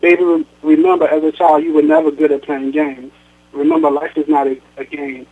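A man's voice: fairly high pitch, flat delivery, brisk, natural voice. A man reading as a reproachful, sarcastic old mother. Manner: sarcastic, reproachful, then sweet. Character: stern, guilt-tripping aging mother on the phone. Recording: tinny phone line.

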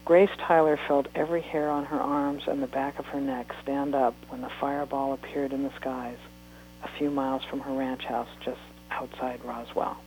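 A woman author reading a chapter of her book aloud in steady, unhurried narration. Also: very deep voice, slight background noise, poor audio.

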